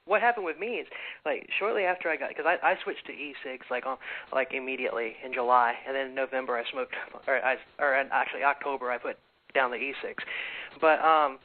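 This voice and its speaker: Rambling male talk-radio host. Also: medium pitch. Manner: rambling, halting. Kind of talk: casual talk-radio chat. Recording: tinny phone-like radio audio.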